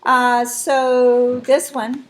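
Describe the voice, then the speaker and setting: Woman math teacher, higher voice, patient step-by-step explainer. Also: flat delivery, extremely slow, a little hiss or hum. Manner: explains step by step, checks in with students. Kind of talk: classroom lesson.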